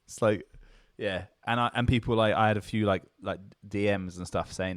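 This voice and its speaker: A man's voice: fairly low pitch, steady tone, a little fast, no room sound, studio quality. A young man with a southern English accent, co-hosting a casual podcast chat and telling stories in a loose, rambling way full of fillers. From England. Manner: rambling, loose storytelling with many fillers and restarts. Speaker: podcast co-host.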